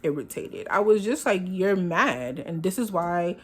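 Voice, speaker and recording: A woman's voice: on the low side, animated, measured pace, slightly rough. A young woman vlogger telling a storytime in a sassy, dramatic way, acting out both sides of the conversation.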